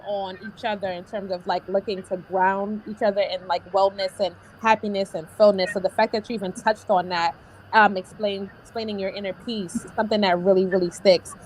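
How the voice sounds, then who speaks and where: A woman's voice: medium pitch, a little hiss or hum. Upbeat woman hosting a live panel. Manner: upbeat, encouraging. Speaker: host.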